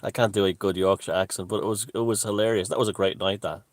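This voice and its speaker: A man hosting a casual live stream from a room at home, greeting viewers and chatting in a relaxed way. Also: on the low side, quick pace, no echo. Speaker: livestream host. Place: room at home with the window open.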